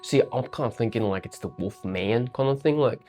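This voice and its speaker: A player at a tabletop game who talks in long, excitable, rambling runs and swears often. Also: mid-range voice, fairly quick, soft background music. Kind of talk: casual tabletop game chat.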